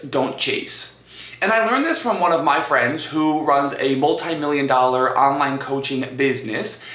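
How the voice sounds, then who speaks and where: A man hosting a coaching podcast, talking in an energetic, conversational way. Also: on the high side. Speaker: business coach and podcast host. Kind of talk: podcast monologue. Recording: echoey room.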